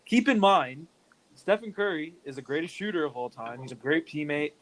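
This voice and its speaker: A man's voice: a little high, animated, moderate pace, fairly bright tone, a little hiss or hum, low-quality recording. A young man co-hosting a casual sports podcast, animatedly defending his picks in a debate. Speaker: podcast co-host.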